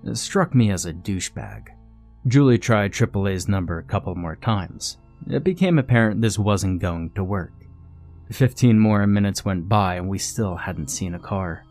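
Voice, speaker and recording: A man reading a first-person horror story in a steady, measured way. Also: low voice, faint music behind. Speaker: narrator. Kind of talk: scripted horror story narration.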